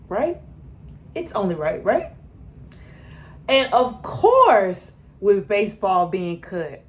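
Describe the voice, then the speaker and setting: Exasperated woman reacting to TV. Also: mid-range voice. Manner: animated, exasperated, talks back to characters on screen. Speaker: TV reaction reviewer. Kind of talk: casual reaction commentary.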